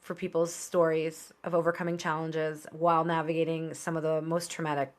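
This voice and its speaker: A woman in her thirties, a podcast guest, telling her personal story in an open, conversational way with quick asides. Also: sits low, level tone.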